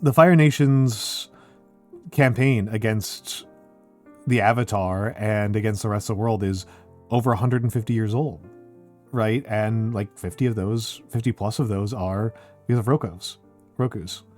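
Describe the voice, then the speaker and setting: A young man streaming, chatting casually with his viewers and thinking out loud, his voice scratchy because he is under the weather. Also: fairly low pitch, a little slow, faint music behind. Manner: rambling, thinking out loud with fillers.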